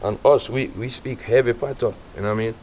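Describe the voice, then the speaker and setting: A middle-aged Jamaican man, an artist as guest, telling stories in a relaxed casual interview. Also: medium pitch, quick pace, slight background noise. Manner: relaxed, animated storytelling with quoted voices.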